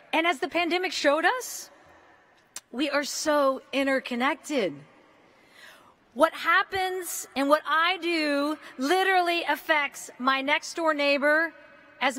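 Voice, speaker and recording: An American woman in her fifties delivers a commencement address inside a large arena, her high-pitched voice energetic, casual and joking, with a bit of mild swearing.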